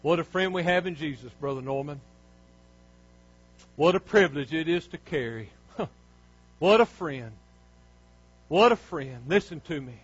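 High, fervent preacher man. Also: animated, unhurried, pauses often, slightly rough, dull audio. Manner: fervent, rising to near shouts and dropping low. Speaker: pastor. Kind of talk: sermon.

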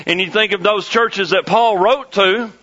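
Bright high-voiced preacher. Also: male voice, measured pace. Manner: preaching with rising emphasis and repeated phrases. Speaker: pastor. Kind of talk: sermon. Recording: dull lo-fi sermon recording.

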